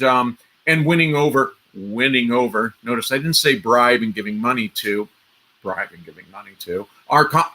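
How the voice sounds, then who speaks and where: Bright-voiced man riffing on a live stream. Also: mid-range voice. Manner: rambling, restarts often, talks straight to viewers. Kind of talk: casual political commentary.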